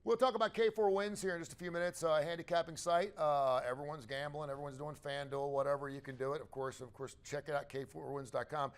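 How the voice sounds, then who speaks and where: A man on a sports talk show reading sponsor plugs in a friendly, enthusiastic pitchman way. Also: fairly even intonation, fast, few pauses. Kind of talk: casual ad reads.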